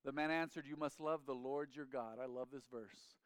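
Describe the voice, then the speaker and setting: A man in his forties preaching in church, lively and inviting the congregation to call back. His voice is smooth and resonant, pitched slightly high for a man. The sound is dry and close. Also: brisk, few pauses, dry recording. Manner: animated preacher, calls for congregation responses. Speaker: pastor. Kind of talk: sermon. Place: church sanctuary.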